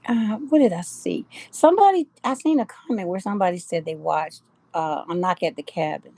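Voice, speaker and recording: A woman's voice: on the low side, expressive, brisk, creaky, darkish tone, dry recording. Chatty woman hosting a live stream. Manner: chatty, greets viewers by name, laughs often. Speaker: live-stream host of a jewelry shop. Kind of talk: casual live-stream chat with viewers.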